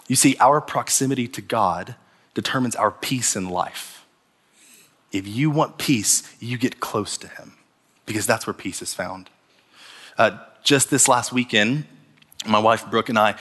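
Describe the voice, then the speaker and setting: A man preaching a sermon, going from hushed, slow lines to raised, urgent ones. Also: medium pitch. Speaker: pastor. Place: church hall. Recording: long reverb of a large hall.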